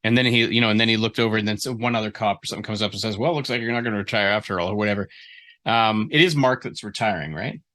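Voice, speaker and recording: A man's voice: lowish voice, racing, sharp tone. A man giving a writer feedback on a story chapter in a casual call, rambling and restarting his sentences as he thinks aloud. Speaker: writing mentor giving feedback. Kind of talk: casual critique session.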